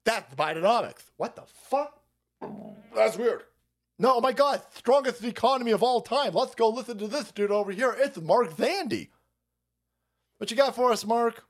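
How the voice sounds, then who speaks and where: A man rants sarcastically and profanely as a stream host. His voice sits high and leaps all over the place in pitch. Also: normal speed. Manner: animated, foul-mouthed, sarcastic. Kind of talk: profane political comedy rant.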